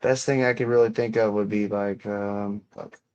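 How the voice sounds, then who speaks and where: A man's voice: on the low side, steady tone, normal speed, a little mellow, smooth, dull audio. A young man hosting a livestream, chatting in a rambling, offhand way full of casual swearing. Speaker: livestream host.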